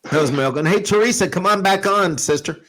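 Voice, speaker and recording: A man's voice: high voice, fast, fairly bright tone, poor audio. Laughing man hosting a sports podcast. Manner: laughs often, rambling storyteller. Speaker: podcast host. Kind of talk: casual sports podcast chat.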